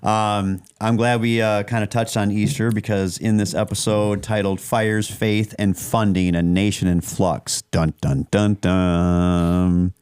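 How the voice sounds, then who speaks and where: A man's voice: lowish voice, level tone, unhurried, hardly any pauses, darkish tone, clear, resonant tone, dry recording. A man co-hosting a podcast in casual chat, rambling with many restarts and fillers. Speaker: podcast co-host.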